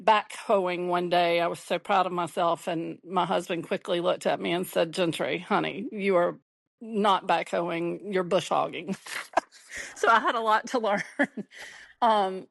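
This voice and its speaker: A woman's voice: mid-range voice, no echo. A woman, a podcast guest telling chatty stories and laughing now and then. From Mississippi. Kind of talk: casual conversation.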